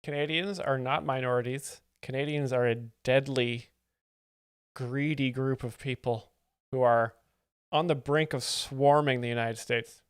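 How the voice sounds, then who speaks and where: A man hosting a live comedy stream, making deadpan ironic asides over clips. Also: medium pitch, a little slow, clean tone, no room sound, clean studio sound. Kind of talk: satirical live-stream commentary.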